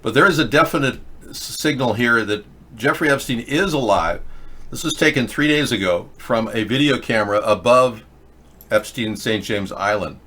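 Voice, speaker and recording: A man's voice: medium pitch, normal speed, sharp tone. An older man hosting a show, giving rambling, opinionated commentary on video clips with frequent restarts. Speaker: host.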